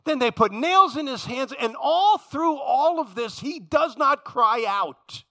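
A man preaching a sermon with passion, talking straight to his congregation and swinging from loud emphasis to hushed, low tones. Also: expressive, slow pace, creaky. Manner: addresses congregation directly.

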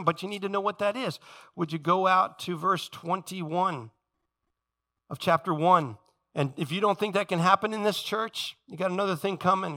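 A male pastor preaching a sermon in church, emphatic and building to loud exclamations. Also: sits high.

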